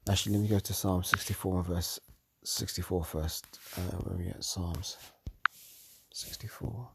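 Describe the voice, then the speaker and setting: A tired man teaching from the Bible late at night, reading verses aloud and commenting on them slowly. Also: sits low, level tone, gravelly, very noisy. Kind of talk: scripture study talk.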